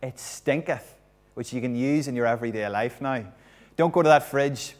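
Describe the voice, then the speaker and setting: Animated male preacher acting out stories. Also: mid-range voice, a little fast. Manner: animated, acts out the story and quizzes the congregation. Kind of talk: lively all-age sermon with props.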